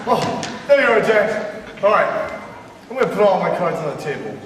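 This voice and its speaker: A man's voice: high-pitched, very animated, very noisy. A man on stage playing a nervous, blustering producer. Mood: frantic. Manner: blustering, hurried. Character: frantic nervous male producer. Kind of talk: live stage musical performance. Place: theatre stage. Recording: echoey hall from far off.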